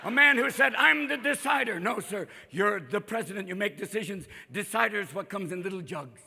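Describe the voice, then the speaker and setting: High gravelly guy doing manic stand-up, super bright, swoops all over, faint crowd behind. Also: lively intonation, in a large hall. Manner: rapid-fire, manic, profane, constant character voices. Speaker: stand-up comedian. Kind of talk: stand-up comedy set. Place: live comedy venue with audience. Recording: live show, faint crowd and ambience.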